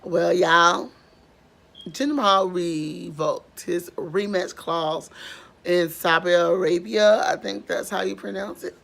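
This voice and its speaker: Young woman vlogger with a strained, gravelly voice, talking slowly and rambling through her recap. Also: lowish voice, steady tone, fairly bright tone. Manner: chatty, rambling, with many fillers. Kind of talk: casual recap vlog.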